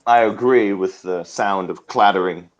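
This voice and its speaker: A man's voice: on the low side, measured pace, dull audio. A man hosting an absurdist improvised comedy talk show, rambling from mock interview questions into fake sponsor messages and over-the-top dramatic monologues. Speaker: comedy host.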